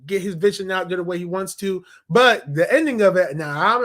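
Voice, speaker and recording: A young man in a casual review vlog, animated and slangy, laughing as he retells scenes. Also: high voice, fairly quick, hardly any pauses. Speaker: TV episode reviewer.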